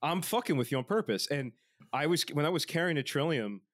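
A man's voice: a little high, expressive, a little fast, a bit bright. Man, podcast co-host, casual chat, rambling stories, swears a lot. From Philadelphia. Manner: rambling storytelling, heavy swearing.

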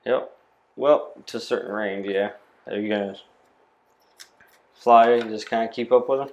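Laid-back low-voiced man running a game. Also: moderate pace. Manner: relaxed, describes scenes with frequent fillers and laughs. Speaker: game master. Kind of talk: narrating a tabletop game.

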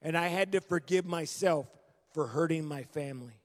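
In a church sanctuary full of long, hall-like reverb, a middle-aged guest preacher tells his story earnestly and acts out conversations he remembers. His voice is a little high, at a normal speed.

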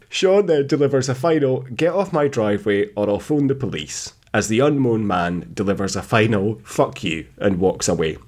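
A man's voice: medium pitch, darkish tone. A man co-hosting a casual podcast, reading out news stories with frequent laughter. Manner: laughs often, acts out quoted lines. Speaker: podcast co-host.

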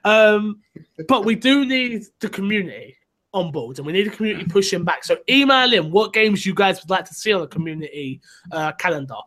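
A chatty male podcast host with a noticeably high voice, talking casually about gaming with his co-host. He sounds upbeat and laughs easily, and he reads listener mail aloud. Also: very animated, fairly quick, a bit bright. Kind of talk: casual chat, reading listener emails.

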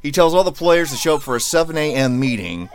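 A man's voice: a little high, sing-song, fast talker. Rambling sarcastic male podcast co-host. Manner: rambling, sarcastic, restarts phrases. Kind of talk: casual chat.

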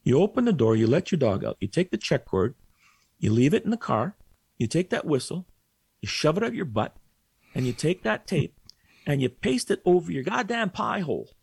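A man quoting a blunt, gruff older male dog trainer who gives curt, profane orders. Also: on the high side, sing-song, normal speed, a little mellow, dry recording, voice pushed up, full character voice. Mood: bossy.

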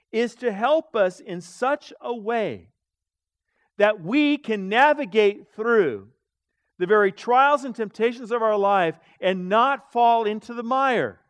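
A man preaching a sermon as pastor, animated, with dramatic swings between quiet asides and loud emphatic lines. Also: sits high, no room sound.

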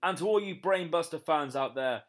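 A man's voice: on the high side, expressive, normal speed. Upbeat British man, podcast guest. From Britain. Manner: upbeat, promotional. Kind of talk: pre-recorded podcast segment.

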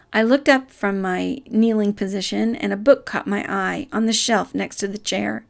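A middle-aged woman giving a reflective devotional talk, earnest and soft-spoken, with measured pauses. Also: mid-range voice, fairly even intonation, vocal fry.

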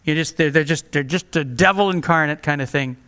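A man's voice: on the high side, a little fast, pushed and bright, smooth. A male pastor preaching a sermon, earnest and direct, pleading with his listeners.

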